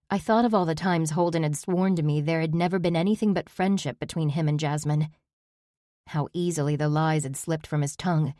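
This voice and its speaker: Woman, audiobook narrator, low voice, dry close sound, steady first-person storytelling. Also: dry recording.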